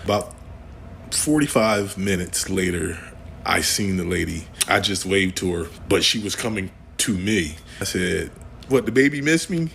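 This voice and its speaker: A man telling a personal story in a jokey, animated way. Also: low voice, a little slow, gravelly, a little hiss or hum. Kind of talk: personal anecdote.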